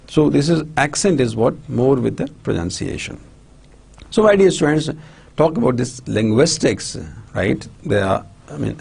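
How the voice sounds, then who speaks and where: A man with a Pakistani English accent lectures students in a husky, gravelly voice. His pitch swings widely as he restates points and asks whether the class understands. He talks in short bursts with many restarts. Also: a little mellow. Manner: repetitive, checks understanding often, many restarts. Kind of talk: recorded university lecture.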